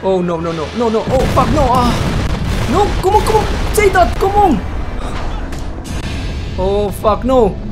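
A gaming channel host giving let's play commentary, swearing constantly and yelling at the game. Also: medium pitch, big pitch swings, unhurried, pauses often. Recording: loud game music behind.

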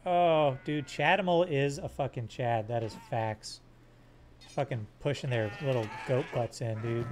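A man's voice: mid-range voice, normal speed, slight background noise. A man streaming a game live, joking crudely and swearing as he plays. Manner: hums silly sound effects. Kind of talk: live gameplay commentary.

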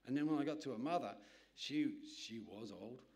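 A man, a literature evangelist, telling a lively anecdote in a sermon with asides to his listeners. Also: medium pitch, moderate pace, a little hiss or hum. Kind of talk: storytelling sermon.

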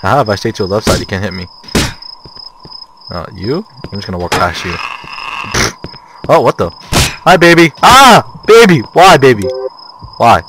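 A man giving jokey, panicky commentary while playing a horror game, often breaking into shouts. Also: sits low, lively intonation, normal speed, long pauses, background noise. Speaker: let's play gamer. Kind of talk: gameplay commentary.

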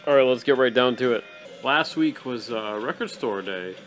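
A young man hosting an absurdist comedy show, swinging from manic yelled bursts to mumbled asides. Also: mid-range voice, animated, normal speed, soft background music. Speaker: host.

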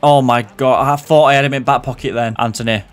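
A young man commentating on a football video game he is playing, jumping between loud outbursts and low muttered asides. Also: steady tone, brisk, faint music behind. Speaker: gaming commentator.

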